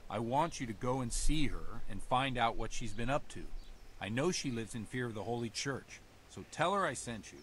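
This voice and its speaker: An actor playing a worried, stern village priest in a video game, speaking in an earnest, preachy way. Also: male voice, mid-range voice, animated, moderate pace, a bit bright, a little hiss or hum, close to an everyday voice. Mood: instructing. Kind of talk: game character dialogue.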